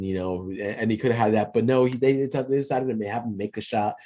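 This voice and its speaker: A man's voice: on the low side, quick pace, dark tone. A man hosting a podcast, giving a casual solo movie review. He rambles, retells scenes loosely with many restarts, and speaks in an earnest, sentimental way. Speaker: podcast host.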